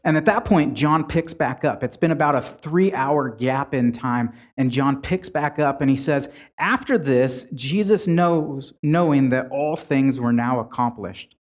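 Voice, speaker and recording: A man's voice: mid-range voice, unhurried, hardly any pauses. A man preaching a sermon in a conversational way, retelling scripture with frequent restarts.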